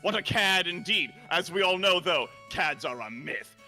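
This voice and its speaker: A man's voice: sits high, lively intonation, normal speed, bright, forceful tone, soft background music, heavily acted. A man playing a boastful, pompous old nobleman telling an improvised tall tale. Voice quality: grandiose and boastful.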